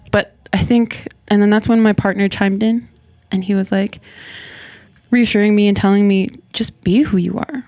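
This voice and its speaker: A woman in her twenties, a guest artist talking over her path in a relaxed interview, thoughtful and quick to laugh, her speech full of "like". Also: fairly low pitch, clean tone, dry recording. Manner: reflective, laughs often, many "like" fillers. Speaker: guest hip-hop artist. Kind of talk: casual interview conversation. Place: radio station interview studio.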